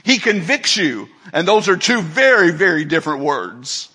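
A man preaching a sermon to a congregation, moving from quiet, intimate asides to loud, emphatic declarations. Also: fairly high pitch, very animated, moderate pace, breathy edge. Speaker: pastor.

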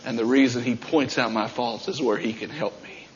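A man preaching a sermon as pastor, swinging between shouted passages and quieter talk. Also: medium pitch, steady tone, normal speed, highs cut off.

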